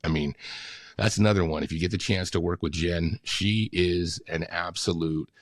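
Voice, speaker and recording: A man's voice: deep voice, moderate pace, no echo, studio quality. A man in his fifties, a radio announcer and voice actor, talking enthusiastically as a podcast guest, laughing often and dropping into announcer reads. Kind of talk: casual podcast interview.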